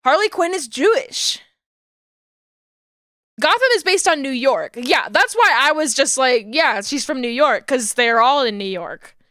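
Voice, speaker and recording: A woman streamer in casual chat, laughing often and reading messages from chat aloud, with a naturally high voice. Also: expressive, unhurried, a bit bright, dry recording, clean studio sound. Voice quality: high natural register, finds low voices hard.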